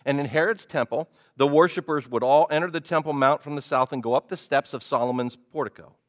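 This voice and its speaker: A male pastor preaching a sermon, animated, often putting questions to the congregation. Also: fairly high pitch, brisk.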